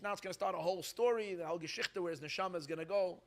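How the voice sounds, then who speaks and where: A man, a rabbi, telling stories at a gathering in an animated, halting way, with many restarts. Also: high voice, vocal fry. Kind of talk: storytelling talk.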